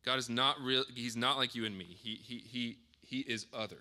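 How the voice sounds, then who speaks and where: A man in his thirties preaching, his voice very bright and forward. He talks to the congregation casually, slipping in fillers and restating his points as he goes. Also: mid-range voice, normal speed. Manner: conversational, with frequent fillers and self-corrections. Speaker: pastor. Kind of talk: sermon.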